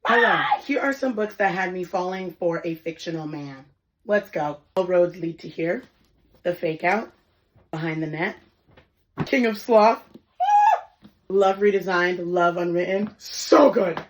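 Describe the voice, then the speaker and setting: A woman in her twenties, a book influencer, giving quick, bubbly book recommendations to camera. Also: fairly low pitch, slight background noise. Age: 20s. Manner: bubbly and quick, gushing over books.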